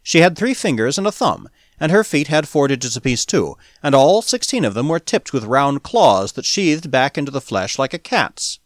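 Here a medium-pitched man tells an audiobook story with measured expressiveness. The sound is clean studio audio with no room sound at all.

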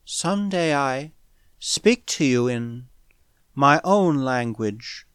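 A man voicing a mysterious catlike alien woman who speaks slowly in broken, hushed phrases. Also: mid-range voice, lively intonation, smooth, dry recording, clean studio sound. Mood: halting, hushed. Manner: halting broken speech, slow and hushed.

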